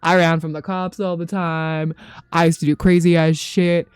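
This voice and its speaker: Mellow low-voiced woman in her thirties, rambling. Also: flat delivery, moderate pace, smooth, dry recording. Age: 30s. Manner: rambling, chatty, swears freely, laughs often. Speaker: game streamer. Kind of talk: casual chat with live chat.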